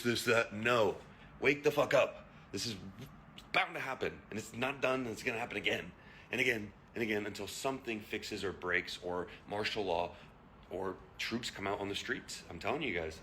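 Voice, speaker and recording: A man's voice: fairly low pitch, pushed and bright, slight background noise. A young man ranting heatedly to camera, blunt and profane, firing off rhetorical questions. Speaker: vlogger.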